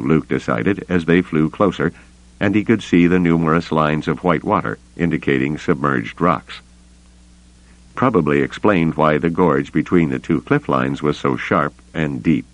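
A man narrating an audiobook in an expressive, varied storytelling manner. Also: low voice, moderate pace, no echo. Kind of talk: scripted narration. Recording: dull, muffled dry recording.

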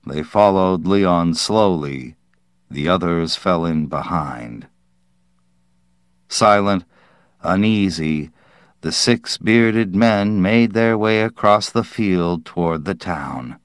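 Male audiobook narrator, low voice, deliberate pacing. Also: expressive, clean tone, no echo, studio quality. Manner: measured, deliberate reading.

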